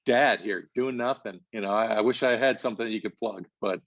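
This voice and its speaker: A man guest speaking casually over a video call, relaxed and self-deprecating. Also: on the low side, fairly quick, no room sound. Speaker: guest, former pitcher. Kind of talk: casual interview chat. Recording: dry, dull remote call audio.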